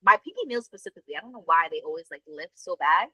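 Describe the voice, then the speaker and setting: Bright-voiced woman telling a story. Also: lowish voice, fast talker, slightly rough, no echo, poor audio. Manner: animated, swears a lot, many fillers. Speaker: podcast co-host. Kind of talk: casual chat, storytelling.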